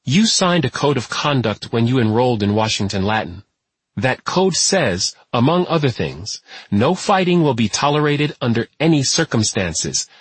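A man voicing a stern, firm school headmistress in an audiobook, in a husky, dry tone. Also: medium pitch, sing-song, no room sound, voice pushed up. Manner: firm, measured, clipped.

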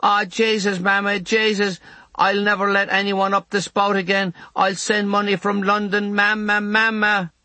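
A man's voice: a little high, steady tone, normal speed, few pauses, pushed and bright, no echo, pitched above the performer's own voice. A man voicing a desperate teenage boy with a Limerick accent, crying and pleading while locked in. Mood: wailing. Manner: wailing, pleading.

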